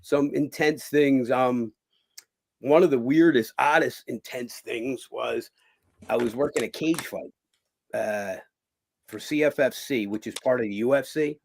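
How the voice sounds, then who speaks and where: A man talks as a guest in a casual interview, and his voice has a gravelly, rough texture. He tells his stories with energy and acts out other people's lines, swearing freely along the way. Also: medium pitch, measured pace. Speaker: guest, former boxer and cut man.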